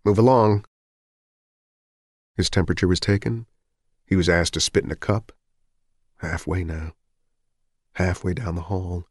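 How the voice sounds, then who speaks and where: A man narrating a novel in an even, measured audiobook reading. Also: deep voice, no room sound, studio quality.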